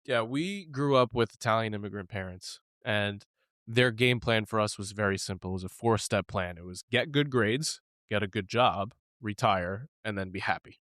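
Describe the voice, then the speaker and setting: A man's voice: on the low side, normal speed, a bit bright, dry recording. A man co-hosting a podcast, telling a personal story candidly and with animation, laughing now and then and swearing casually. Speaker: podcast co-host.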